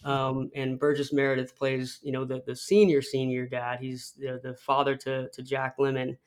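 A young man appearing as a podcast guest tells a personal story in a rambling way, restarting often and acting out film quotes. His mid-range voice is monotone and clean, at a normal speed.

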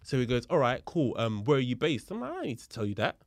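A man, a guest on a podcast, telling a story in a lively, casual way and acting out the other people's voices, with street slang and swearing. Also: mid-range voice, fast talker, no echo, studio quality. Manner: animated, acts out the voices of people in his story. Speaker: podcast guest, police officer.

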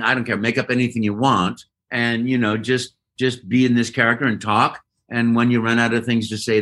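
A man guest telling a lively story in an interview and acting out voices and sounds as he goes. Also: medium pitch. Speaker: guest voice actor. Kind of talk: animated storytelling.

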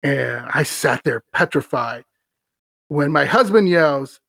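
A man's voice: a little high, lively intonation, slow, gravelly, bright, forceful tone, no room sound. A man hosting a podcast, reading a scary story aloud and breaking off for wry, amused asides. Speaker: podcast host.

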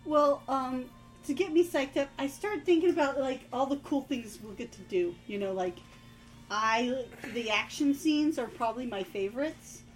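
A woman's voice: high-pitched, moderate pace, soft background music, rough recording. A woman chatting and laughing easily as a player about her tabletop game. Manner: giggly, chatty. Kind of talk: casual chat.

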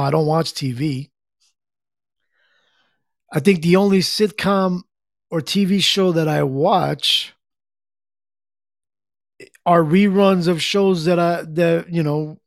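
Brief: middle-aged male streamer, relaxed rambling chat, gravelly, slightly higher voice. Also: dry recording, studio quality. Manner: rambling, easygoing, reads chat aloud. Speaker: livestream host. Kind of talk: casual chat with viewers.

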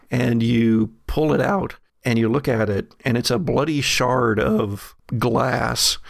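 A man narrating a tabletop horror game as game master, with a gravelly, creaky voice. He talks slowly, pausing and searching for words. The sound is dry and close. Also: mid-range voice, no room sound. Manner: slow, hesitant, descriptive.

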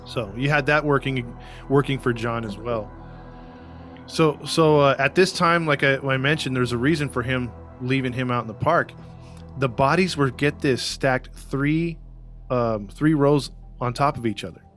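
A chatty man hosting a relaxed true-crime podcast, his voice sitting at a middle pitch. He talks in loose, easygoing runs and now and then slips into put-on voices for quotes. Faint music plays under the conversation. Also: a little slow. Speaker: podcast host.

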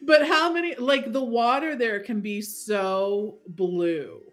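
A woman co-hosting a casual podcast, giving friendly, measured advice. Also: fairly high pitch, soft background music. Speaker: podcast co-host.

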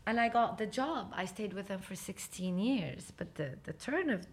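A woman in her forties with an American accent, a podcast guest telling her life story in a lively way, acting out dialogue and dropping in Arabic phrases. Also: mid-range voice, brisk. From Lebanon and United States. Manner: animated, acts out dialogue, slips into Arabic phrases. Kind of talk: personal storytelling interview.

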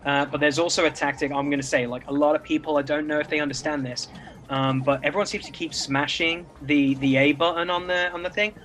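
A chatty arcade owner, voiced by a man, upbeat and full of rambling patter. The voice sits a little higher than ordinary speech. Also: fairly even intonation, brisk, fairly bright tone, close to an everyday voice. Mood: confiding. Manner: enthusiastic, rambling salesman patter. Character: friendly chatty adult male arcade owner.

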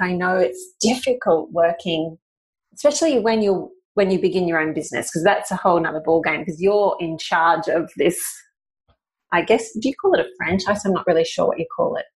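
A woman's voice: fairly low pitch, rough recording. A woman hosting a casual podcast interview, asking long, rambling questions and often correcting herself mid-sentence. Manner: rambling, self-correcting questions full of "you know". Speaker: podcast host.

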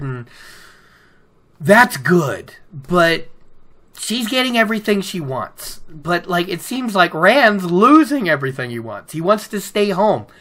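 A woman's voice: low-pitched, a bit bright. A woman casually retelling and picking apart a book chapter, chatty, with many stammered restarts. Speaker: book discussion host.

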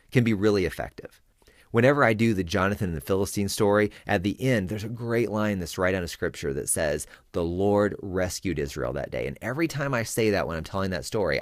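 A man hosting a podcast for children's ministers, teaching Bible storytelling with dramatic pauses and hushed whispers. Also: deep voice, dry recording, studio quality.

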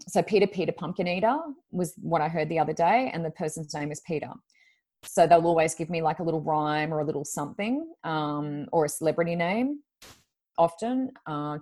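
A woman with a notably low voice, telling a story as a podcast guest. She rambles casually and packs her talk with fillers. Her tone is easygoing and conversational. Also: darkish tone. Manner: chatty, rambling, full of "like" and "um". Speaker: guest medium.

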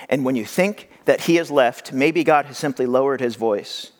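A man's voice: mid-range voice, brisk. A young adult man preaching a sermon as pastor, talking conversationally and acting out the voices he quotes. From California.

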